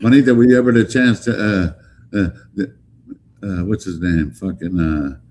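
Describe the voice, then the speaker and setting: A man hosting a casual live stream, talking in animated, profane banter with bits of Spanish slang. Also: deep voice, normal speed, a little hiss or hum.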